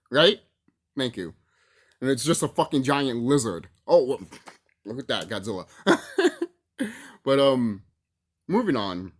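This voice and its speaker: A man's voice: medium pitch, huge pitch swings, slow, pauses often. A man casually ranting to his viewers, swearing freely, laughing often and repeating himself for emphasis. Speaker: YouTube movie commentator. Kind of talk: casual rant to camera.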